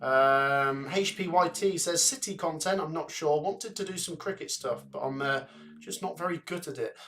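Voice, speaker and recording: A young man with a Coventry accent hosting a live football watchalong, chatting and reading viewer comments and predictions out briskly. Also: a little high, a bit bright, slight background noise. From England. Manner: chatty, reads out names and scores briskly.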